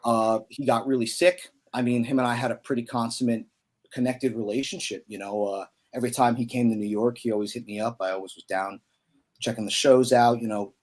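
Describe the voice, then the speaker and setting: With a steady tone and a mid-range, somewhat mellow voice, he talks fairly quickly. He's a Pennsylvania musician in his thirties, casually telling stories as a guest, full of slang and fillers.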